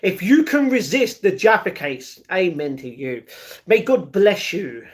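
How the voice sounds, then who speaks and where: A man's voice: high-pitched, very animated, unhurried. A man hosting a casual livestream, reading viewers' chat messages aloud and answering each one directly from home. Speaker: livestream host.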